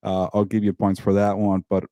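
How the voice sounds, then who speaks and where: A man's voice: lowish voice, completely flat delivery, brisk, dark tone, no room sound. A man co-hosting a casual sports talk show, ranting in an exasperated, profane way and stumbling over repeated words. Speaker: co-host.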